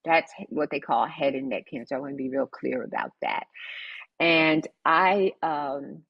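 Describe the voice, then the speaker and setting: An older woman, a podcast guest, telling her story in an animated, emphatic way and acting out the dialogue. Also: low voice, measured pace, creaky, breathy edge, no echo, dull audio. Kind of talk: conversational storytelling.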